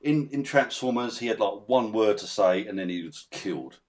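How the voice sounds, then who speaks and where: A man's voice: fairly low pitch, expressive, moderate pace. A man ranting as a guest in a casual podcast chat, swearing often and breaking into laughter. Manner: ranting, swears a lot, laughs mid-rant.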